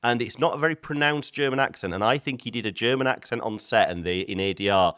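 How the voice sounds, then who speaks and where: A man's voice: mid-range voice, quick pace, a bit bright, smooth, dry recording, clean studio sound. A man co-hosting a film podcast, talking animatedly about filmmaking with frequent stumbles and restarts. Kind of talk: casual film discussion.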